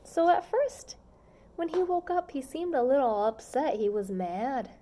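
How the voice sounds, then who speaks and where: A woman reading a children's picture book aloud, gentle and expressive, pausing to chat with young listeners. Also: high voice. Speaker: storybook reader.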